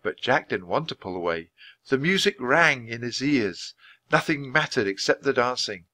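A man reading a children's chapter book aloud at a clear, measured pace for English learners. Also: medium pitch, expressive, sharp tone. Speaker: storybook reader.

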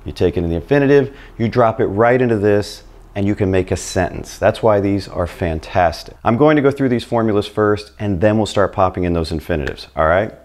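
A man's voice: fairly low pitch, brisk, hardly any pauses, darkish tone. A man whose first language is English, teaching beginners in an upbeat video lesson and speaking straight to the learner. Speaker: Spanish teacher.

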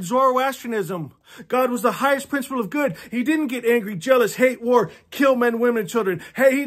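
A man's voice: extremely high pitch, a bit bright. A man in his fifties reading a novel aloud on his channel and breaking off for impassioned, preachy asides, chuckling often. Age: 50s. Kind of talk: earnest read-along commentary.

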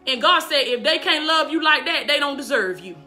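High bright-voiced woman preaching fervently. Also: lively intonation, fairly quick, soft background music. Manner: fervent, repeats praise calls and "do you understand me"; laughs often while preaching. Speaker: life coach and live-stream preacher. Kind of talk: casual live-stream preaching. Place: home kitchen.

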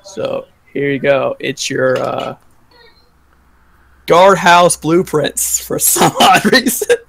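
A young man playing a tabletop game, speaking in a halting, hesitant way. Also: on the high side, vocal fry, fairly bright tone, husky. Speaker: player.

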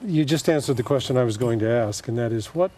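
A man on a Bible study panel asking thoughtful questions, with halting restarts. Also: mid-range voice, mellow.

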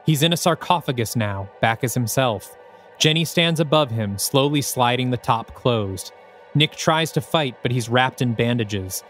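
A man's voice: medium pitch, animated, moderate pace, fairly bright tone, faint music behind. A man, the host of a podcast, reading his own screenplay aloud with dramatic, descriptive present-tense narration.

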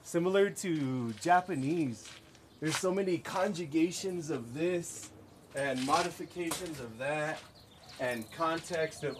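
A man's voice: fairly high pitch, a little slow, noisy background. A man from the United States chatting casually with viewers on a livestream while he works on craft pieces outdoors, joking and laughing often. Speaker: livestreamer making stone-look art.

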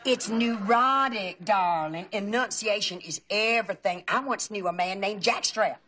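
An actress playing a chatty aunt in a sitcom, fussy about pronunciation. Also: female voice, mid-range voice, normal speed, natural voice. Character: gossipy talkative Southern aunt, middle-aged. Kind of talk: sitcom acting. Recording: noisy old TV audio.

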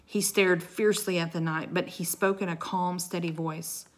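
A woman reading a children's chapter book aloud, slowly and clearly. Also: lowish voice, steady tone. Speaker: storybook reader. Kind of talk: slow read-aloud narration.

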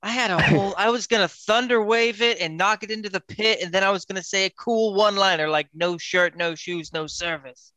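A man's voice: high-pitched, fast, hardly any pauses, sharp tone, no room sound. A man playing a tabletop game, talking in a playful, jokey way. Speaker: player.

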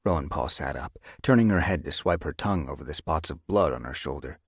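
A man narrating a children's animal novel as an audiobook, with expressive storytelling. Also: extremely low pitch, fairly quick, husky, no room sound, studio quality. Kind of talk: scripted narration.

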